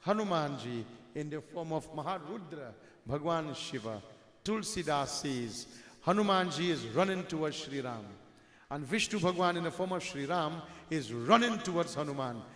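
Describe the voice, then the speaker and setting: A man's voice: on the high side, lively intonation, moderate pace, fairly bright tone. A man telling a devotional story as a sermon, calling listeners his dear friends and mixing in Hindi devotional words. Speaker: religious storyteller. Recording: echoey hall with long reverb.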